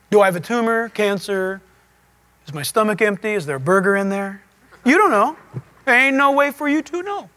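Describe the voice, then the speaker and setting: A male pastor preaches in a relaxed, conversational way. His pitch swings up and down freely as he tells stories and asks questions of his listeners. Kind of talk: conversational sermon.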